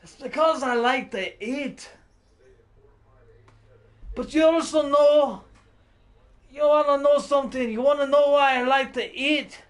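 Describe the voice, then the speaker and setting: Casting: hombre que imita a un gordo quejica con acento escocés fingido, voz aguda y resentida. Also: male voice, very high-pitched, measured pace, long pauses. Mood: mock-wounded. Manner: whiny, mock-wounded, comic. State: drunk. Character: fat, touchy, self-pitying brogue-speaking man.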